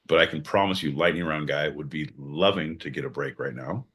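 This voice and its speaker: A man co-hosting a comedic podcast in casual banter, animated and crude, breaking into loud mock outbursts. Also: rumbling low, fairly quick. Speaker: podcast co-host.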